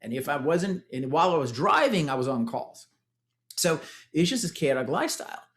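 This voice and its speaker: A man's voice: on the high side, sing-song, a little fast. A man in his forties with a Texan accent, telling his fitness story with energy to an audience he keeps calling "guys". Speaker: former tech executive sharing his testimonial. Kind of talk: motivational testimonial talk.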